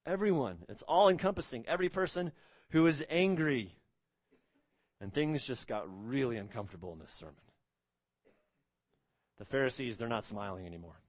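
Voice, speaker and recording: A man's voice: animated, normal speed, pauses often, dry recording. Guy preaching a sermon, punchy emphatic delivery, mid voice, dry close sound. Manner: emphatic, rising to stress key words and dropping low on solemn points. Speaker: pastor.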